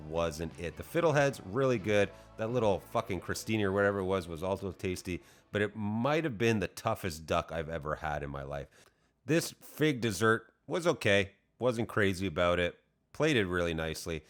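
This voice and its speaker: A man's voice: sits low, fairly bright tone. A man reviewing food in a casual vlog, blunt and profane, mocking himself as he rates each dish. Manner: profane, blunt, self-deprecating. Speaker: food vlogger. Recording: music playing underneath.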